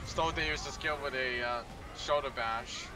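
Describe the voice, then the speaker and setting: A man's voice: mid-range voice, moderate pace. A man playing a co-op game with friends on voice chat, joking and swearing. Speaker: co-op player on voice chat. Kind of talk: casual gaming chat with friends. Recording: noisy, distant voice chat mic.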